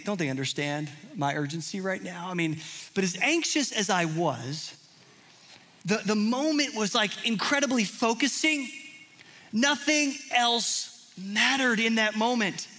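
High, bright-voiced male preacher. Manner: earnest storytelling, drops to hushed intimate tones. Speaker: pastor. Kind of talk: sermon.

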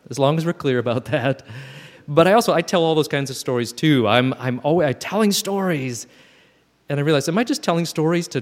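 Man, 50s, reflective speaker, mid-pitched voice, long hall reverb. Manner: thoughtful, self-reflective, with frequent restarts. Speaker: speaker at a gathering. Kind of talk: personal reflective talk.

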